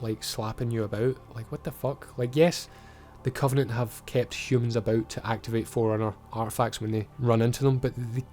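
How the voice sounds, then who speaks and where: A man's voice: mid-range voice, darkish tone. A man with a Scottish accent giving a casual, blunt and sweary recap of a TV episode. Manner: blunt, swears freely, chatty. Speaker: TV show reviewer.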